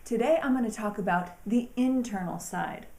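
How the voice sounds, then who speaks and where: A woman hosting an inspirational talk, speaking in an earnest, encouraging way with slow, emphatic phrasing. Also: mid-range voice, warm tone, echoey room. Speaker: host.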